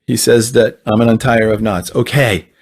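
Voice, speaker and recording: Gravelly, husky man teaching earnestly. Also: mid-range voice, fairly even intonation, moderate pace. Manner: earnest, repeats words and restarts phrases. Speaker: Christian ministry speaker. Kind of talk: conversational teaching.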